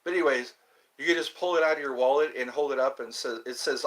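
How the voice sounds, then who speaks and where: A man chats casually with his viewers on a live stream, rambling and joking. His medium-pitched voice has lively intonation at a normal speed.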